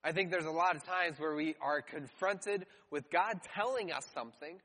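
High-voiced preacher in a reverberant hall. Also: male voice, moderate pace, pushed and bright. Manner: conversational preaching, acts out mocking quotes. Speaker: pastor. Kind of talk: sermon. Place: church hall.

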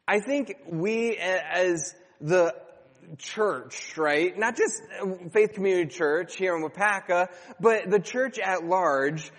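A man in his thirties preaching a sermon as a pastor, telling a story in a chatty, animated way. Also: high voice. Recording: long hall reverb.

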